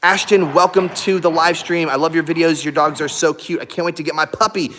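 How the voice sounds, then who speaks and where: A man's voice: fairly high pitch, fairly even intonation, a little fast, sharp tone, slight background noise. A man hosting a live stream, chatting casually with viewers and laughing often while he plays with and talks to his dogs. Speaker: YouTube live stream host.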